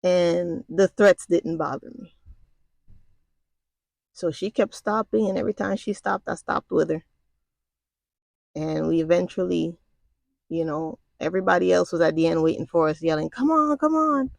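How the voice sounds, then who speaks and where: A woman's voice: lowish voice, fairly even intonation, moderate pace, vocal fry, long pauses, a little mellow, dry recording. A middle-aged woman casually recounting a personal story, talking in a conversational, colloquial way with frequent asides to the listener. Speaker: storyteller recounting military basic training.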